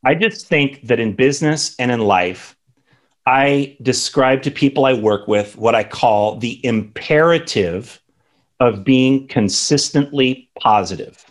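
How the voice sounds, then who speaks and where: A man in his thirties gives a spoken lesson at an ordinary, mid-range pitch. He talks conversationally and keeps checking in with the listener by asking "right?" as he teaches. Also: measured pace. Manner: conversational, tags sentences with "right?". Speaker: instructor.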